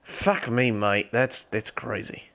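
Young man, put-on character accent, role-play gameplay commentary, slow drawl, medium pitch, heavy swearing. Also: steady tone. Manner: swears constantly, exclaims loudly. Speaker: streamer.

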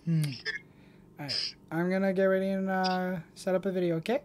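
A woman's voice: lowish voice, flat delivery, brisk, background noise. A nineteen-year-old woman streaming, chatting casually and affectionately with her audience and partner. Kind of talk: casual livestream chat.

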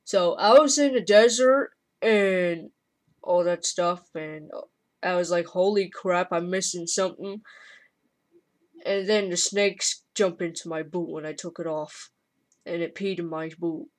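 A woman's voice: fairly low pitch, a little slow, lightly acted. A woman voicing a crude giant male wrestler who rambles through a story. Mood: rambling.

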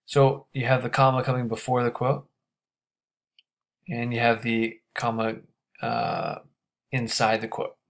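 A man with a medium-pitched voice explains grammar methodically, step by step, checking in with his listeners through quick questions.

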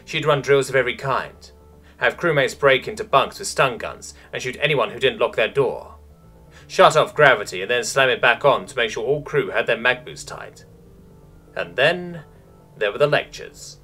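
A man narrating a science fiction story in a scripted, expressive reading. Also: mid-range voice, moderate pace, soft background music.

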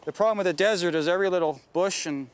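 A man's voice: sits high, racing, clear, resonant tone. A man explaining his radio gear outdoors in the desert, rambling and chatty with lots of fillers and restarts. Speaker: radio hobbyist guide. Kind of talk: casual explaining in the field.

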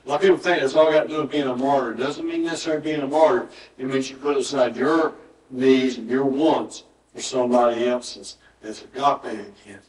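A man preaching a sermon, voice sitting at an ordinary middle pitch. He tells his stories by acting out the dialogue and repeating words for emphasis. The sound is roomy and a little distant, picked up in a church sanctuary. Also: fairly even intonation, a little fast, a little mellow. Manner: storytelling, quoting dialogue with emphatic repetition. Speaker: pastor.

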